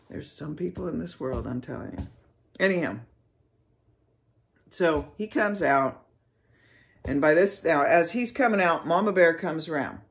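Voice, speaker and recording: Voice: medium pitch, animated, unhurried, gravelly, pauses often. A vlogger telling a story casually and with animation, acting out sound effects and often checking in with "okay?".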